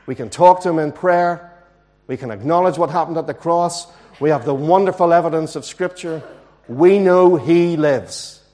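A man preaching a sermon in a church, earnest and emphatic, slowing down to stress key words. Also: on the high side, a little mellow. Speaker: pastor.

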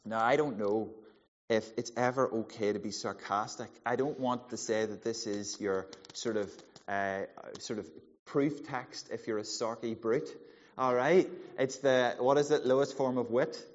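Lively preacher in a hall. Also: male voice, medium pitch, a little slow. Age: 40s. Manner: animated, playful, acts out quotes. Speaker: pastor. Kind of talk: sermon. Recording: muffled sound in a large hall.

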